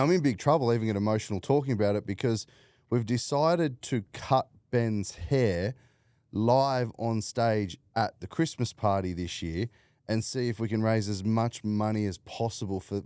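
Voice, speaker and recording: A man's voice: on the low side, warm tone, clean tone, no echo, clean studio sound. A man hosting a casual podcast interview, blunt, swearing freely and laughing a lot. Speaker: podcast host.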